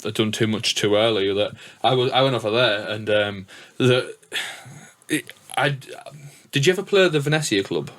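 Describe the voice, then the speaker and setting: A podcast host and DJ with a northern English accent chats casually, telling rambling stories packed with swearing and restarts. His voice is lowish and a bit bright, at a moderate pace.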